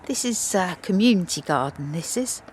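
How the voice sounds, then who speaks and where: A woman's voice: fairly low pitch, expressive, moderate pace, slight background noise. A woman chatting upbeat to camera in a casual vlog. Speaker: vlogger.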